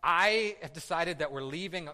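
A preacher putting on a blunt old patriarch. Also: male voice, fairly high pitch, moderate pace, sharp tone. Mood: matter-of-fact. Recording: echoey hall with long reverb.

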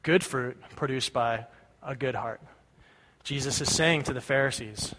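The recording carries long hall reverb as a male pastor preaches in a relaxed, conversational way, frequently tossing out "right?" to engage listeners. He speaks at medium pitch, slightly slowly, with a sharp tone.

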